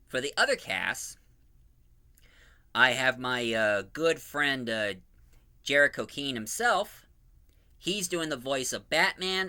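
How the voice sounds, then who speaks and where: Hosting his fan audio drama channel, a man with a lowish, sharp-toned voice chats casually and keenly about casting in a preview. He wanders from point to point and corrects himself as he goes.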